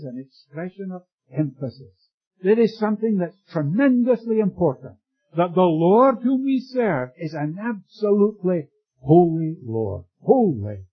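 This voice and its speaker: Husky-voiced preacher, muffled recording. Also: male voice, high-pitched. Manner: measured, emphatic preaching with rhetorical questions. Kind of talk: sermon.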